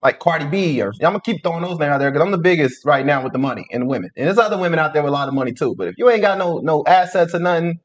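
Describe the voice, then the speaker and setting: Loud-mouthed guy riffing fast, kinda high voice, muffled lo-fi sound. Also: animated. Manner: brash, profane, riffing. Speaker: reaction host. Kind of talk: casual reaction commentary. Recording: muffled lo-fi audio.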